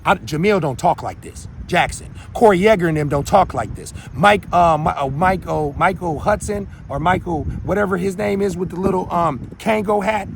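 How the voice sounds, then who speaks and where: A man in his thirties rants as host of his own show, preachy and heated, doubling back on his own words. His voice is gravelly and sits a bit high for a man. Faint street and traffic noise runs under the recording. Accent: Minnesota. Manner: heated, preachy, rambling with restarts. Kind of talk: impassioned solo monologue.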